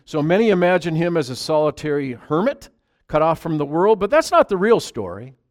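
Man preaching a lively conversational sermon. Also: on the high side, a little fast. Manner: swings between loud emphatic reading and quiet asides; chats with the congregation. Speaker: pastor.

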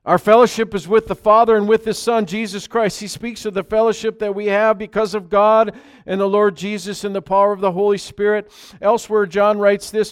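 A man preaching a conversational sermon, moving between loud, emphatic scripture reading and quiet asides to his congregation. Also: high voice, little pitch movement, a little fast, smooth. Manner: chats with the congregation. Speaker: pastor.

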